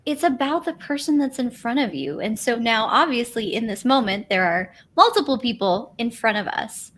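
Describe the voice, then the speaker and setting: A woman's voice: fairly high pitch, lively intonation, moderate pace, a bit bright. A woman guest on a live stream talking about branding, enthusiastic and conversational. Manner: enthusiastic, conversational, says "like" often. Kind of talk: casual live stream interview. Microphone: video call.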